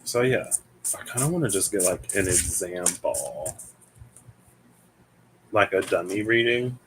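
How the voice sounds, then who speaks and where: A man's voice: deep voice, expressive, unhurried, background noise. A young man from the American Midwest doing a casual tarot reading, thinking aloud in a meandering, hesitant way and often searching for words. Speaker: tarot reader.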